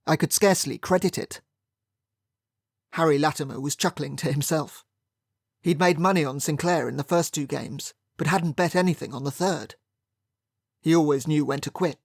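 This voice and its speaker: An audiobook narrator reading a first-person period mystery in a wry, measured storytelling manner. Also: mid-range voice, dry recording, studio quality.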